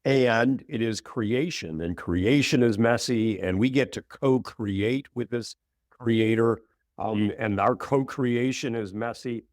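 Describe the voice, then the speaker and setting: A middle-aged man, a minister guest on an interview show, telling a story thoughtfully with frequent pauses and ums. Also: mid-range voice, no echo, studio quality. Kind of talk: conversational interview.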